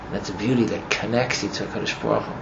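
A man teaching a class as he retells a story, rambling and filling his talk with "you know", and growing animated as the story builds. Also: fairly low pitch, very fast, creaky. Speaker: religious teacher. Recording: muffled with steady background noise.

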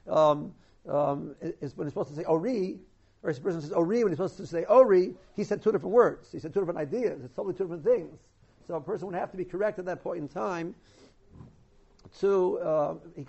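A man giving an informal lesson on the laws of Torah reading, halting often and restarting his sentences. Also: high-pitched, gravelly, a little mellow, slightly rough. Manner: halting, many restarts and repeated words. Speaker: Torah teacher. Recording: dull lo-fi recording.

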